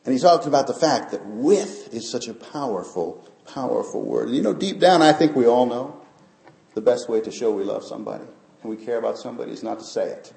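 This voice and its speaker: A man's voice: medium pitch, a little fast, creaky, dark tone. A man preaching a sermon as pastor, talking earnestly and building up to emphatic peaks. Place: church sanctuary. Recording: echoey church sanctuary.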